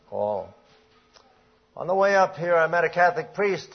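An older man preaching a sermon, reading old-style scripture aloud and swinging between hushed, drawn-out lines and emphatic, raised passages, often clearing his throat. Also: high-pitched, animated. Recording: dull lo-fi recording.

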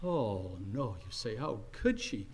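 An older man preaching a sermon, telling a story earnestly and swinging between soft and loud delivery. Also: lowish voice, sing-song, slow.

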